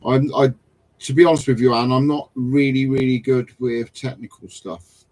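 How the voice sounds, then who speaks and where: A man's voice: medium pitch, fairly even intonation, normal speed, a little mellow, poor audio. A man chatting casually on a live stream about ghost hunting gear, self-deprecating and full of restarts. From England. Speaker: paranormal investigator on a live stream chat.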